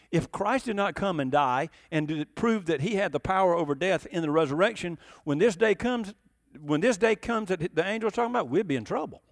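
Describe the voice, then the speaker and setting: A man's voice: high-pitched, gravelly, dry recording, studio quality. A man preaching a sermon in an emphatic, conversational way, full of rhetorical questions. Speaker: pastor.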